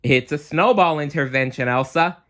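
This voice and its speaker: A man's voice: a little high, normal speed, a bit bright, voice pushed up, lightly acted. A man voicing Anna, a playful young woman and mischievous younger sister, with a teasing, dramatic manner.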